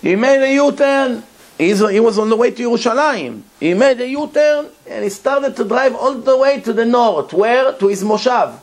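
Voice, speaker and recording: Animated rabbi telling a story. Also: male voice, extremely high pitch, normal speed. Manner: animated, emphatic storyteller, repeats words. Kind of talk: storytelling Torah lecture.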